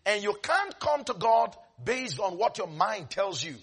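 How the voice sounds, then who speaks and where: A man preaching a sermon with great animation, dropping to soft asides and rising to shouts as he acts out Bible scenes. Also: sits high, very animated, measured pace, breathy edge.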